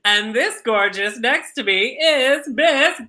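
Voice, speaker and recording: A woman's voice: high voice, lively intonation, slow pace, sharp tone, raised voice. A woman co-hosting a live drag race recap show in casual chat, bubbly and gushing.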